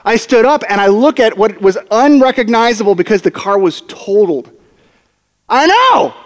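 A man with a bright, high voice preaches to his church, spinning a story with comic timing and acted-out lines. His words carry a long, reverberant hall sound. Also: brisk. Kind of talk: storytelling sermon.

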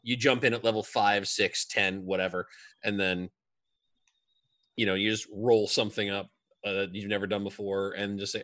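Lowish guy w a bright forceful voice, joking around on a podcast. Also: little pitch movement, moderate pace. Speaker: podcast co-host. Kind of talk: casual chat.

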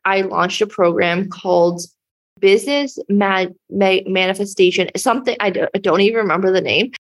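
A young woman hosting her own podcast, talking in a bubbly, effusive, casual way with lots of "like" as a business coach. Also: mid-range voice.

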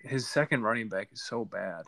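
A man's voice: on the low side, fairly quick, gravelly, crowd noise. A man co-hosting a casual fantasy football recap, blunt and trash-talking, laughing easily. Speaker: podcast co-host.

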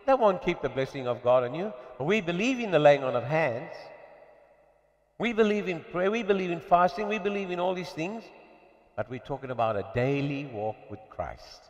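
A man preaching a sermon to a congregation, swinging between emphatic bursts and quieter passages. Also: fairly high pitch, very animated, normal speed. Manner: rising and falling with emphatic bursts. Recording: dull reverberant hall recording.

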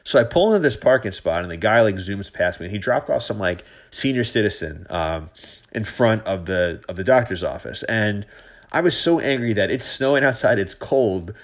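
A man's voice: on the low side, animated, moderate pace. A man in his thirties hosting a casual sports podcast, rambling with many restarts and growing heated as he tells a story. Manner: rambling, frequent restarts and fillers, gets heated. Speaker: podcast host.

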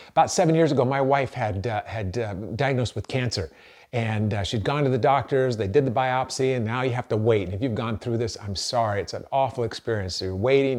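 A man's voice: mid-range voice, darkish tone. An earnest middle-aged man preaching to his church. He talks in a conversational way and often restarts his sentences. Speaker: pastor. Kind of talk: sermon.

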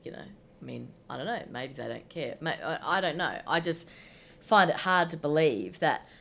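A woman's voice: low voice, lively intonation, normal speed, gravelly, a bit bright. A woman with an Australian accent giving opinionated political commentary in casual chat, full of asides. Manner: chatty, opinionated, many asides.

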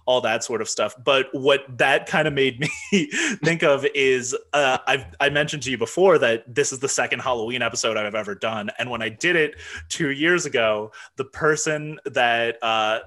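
A man hosts a laid-back podcast conversation, often breaking into small chuckles. His voice is bright and forward, at a middling pitch. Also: normal speed, few pauses. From Irish heritage. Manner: chuckles often, relaxed and self-deprecating. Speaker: podcast host. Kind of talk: casual podcast chat.

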